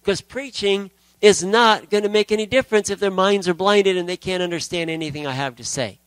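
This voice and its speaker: A man's voice: sits high, a little fast, clear, resonant tone, no echo, rough recording. A man preaching a sermon in a conversational storytelling way, quoting scripture as he goes.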